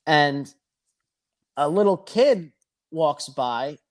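Profane storytelling man, slightly high voice. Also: lively intonation, drawn-out words. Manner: profane, rambling anecdotal delivery. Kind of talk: casual storytelling.

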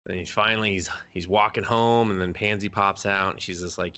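A man's voice: low voice, brisk, few pauses. A man co-hosting a podcast, casually retelling an anime plot with lots of swearing and acted-out lines. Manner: animated retelling, acting out characters' lines; swears freely. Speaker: podcast co-host. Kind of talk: casual anime review chat.

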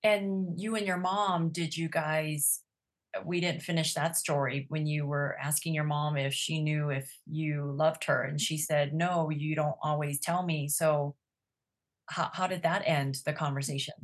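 Low-voiced woman asking gentle questions. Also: steady tone, measured pace. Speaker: podcast host. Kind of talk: interview questions.

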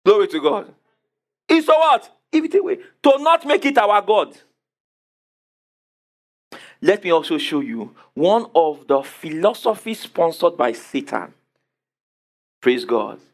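Male preacher, high and very animated, emphatic, fires rhetorical questions at the congregation. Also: unhurried, long pauses. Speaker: pastor. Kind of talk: sermon.

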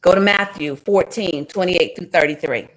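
A woman leading a casual livestreamed Bible study, animated and quick to laugh, with dramatic asides. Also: lowish voice, poor audio.

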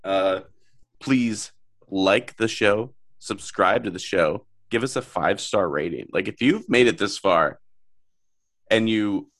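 A man's voice: on the low side, slow pace, fairly bright tone. A young man from Minnesota co-hosting a podcast, making dry, wry remarks in casual chat. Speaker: podcast co-host.

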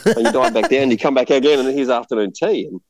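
A man casually telling a rambling, animated travel story, laughing often. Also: mid-range voice, fast, low-quality recording.

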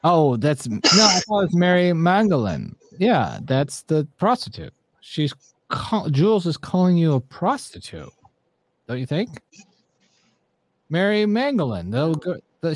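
A man hosting a loose online talk show. His voice sits a bit high and swings widely as he teases and questions his co-host. It is relaxed, casual chat. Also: measured pace, dry recording. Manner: teasing, animated, questioning.

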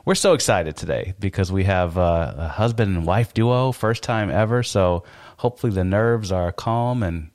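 A man hosting a podcast, upbeat and quick to laugh as he puts friendly questions to his guests. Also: low-pitched, a little mellow. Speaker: podcast host. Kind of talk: casual interview chat.

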